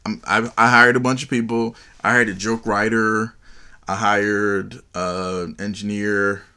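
A man's voice: lowish voice, little pitch movement, a little slow, pushed and bright, clear, resonant tone. A man hosting his own solo podcast, chatting casually in a joking, rambling way. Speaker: podcast host.

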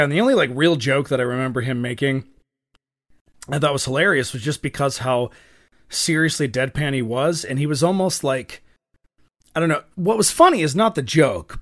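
A young podcast co-host chats casually in a mid-range, fairly bright voice. He tells rambling stories packed with fillers and restarts.

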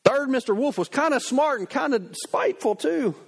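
A male pastor preaches with lively, conversational storytelling and speaks straight to his listeners. His voice sits high for a man. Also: normal speed, creaky, husky. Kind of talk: sermon.

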